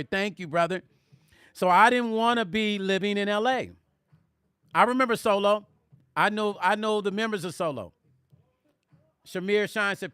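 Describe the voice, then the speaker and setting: A middle-aged man tells stories on a casual livestream in a high, bright voice. He talks animatedly and speaks directly to his viewers. The sound is dry and close. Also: normal speed, clean tone, dry recording. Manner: animated, addresses viewers directly, reads chat aloud. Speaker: musician and vlog host.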